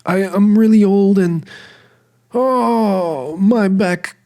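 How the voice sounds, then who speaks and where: A man voicing a very old male smoker with a ruined, gravelly voice who talks slowly and complains. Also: sits high, warm tone, voice pushed up. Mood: doddering. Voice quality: gravelly, worn-out voice. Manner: slow, doddering complaints.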